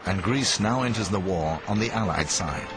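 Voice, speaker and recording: Lowish, lively male documentary narrator over a music bed. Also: moderate pace. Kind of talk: scripted narration.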